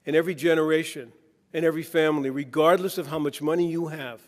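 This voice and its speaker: A man's voice: a little high, fairly even intonation, fast. A man delivering a conference keynote speech, weaving jokes and anecdotes into a preacher-like cadence. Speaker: keynote speaker. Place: conference hall. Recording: long reverb in a conference hall.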